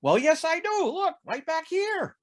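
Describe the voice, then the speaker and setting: A man's voice: extremely high pitch, big pitch swings, a little slow, voice pushed up, heavily acted. A man voicing a boastful male Texan driver in a joke, asking teasing questions.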